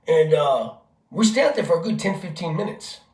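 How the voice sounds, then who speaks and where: A man, a father, telling a family story in a casual vlog, animated and profane, acting out what people said. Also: on the high side, normal speed, roomy sound. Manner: animated, profane, acts out quotes. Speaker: vlogger, father.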